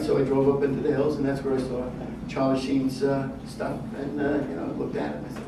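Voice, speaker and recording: Stand-up comic heard from afar in echo. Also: male voice, medium pitch, lively intonation. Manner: wry storytelling with punchline pauses. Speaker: stand-up comedian. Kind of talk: stand-up comedy set. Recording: echoey room from a distance, noisy.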